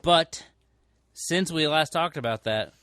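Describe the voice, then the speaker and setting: A man's voice: a little high, slow pace, a bit bright, dry recording, clean studio sound. A man co-hosting a podcast from a record shop, talking casually and rambling with lots of fillers and self-corrections. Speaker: podcast co-host. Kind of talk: casual chat. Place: record store.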